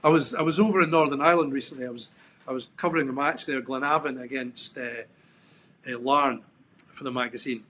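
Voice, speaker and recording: A man's voice: mid-range voice, fairly even intonation, brisk, a bit bright, a little hiss or hum. A middle-aged Scottish man, a podcast guest, telling stories in a reflective, rambling way with frequent restarts and ums. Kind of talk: casual interview chat.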